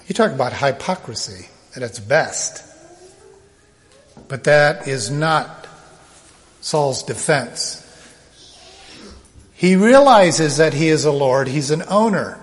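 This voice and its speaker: A man preaching a sermon, slow and emphatic, now and then acting out the voices he quotes. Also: a little high, lively intonation, long reverb tail.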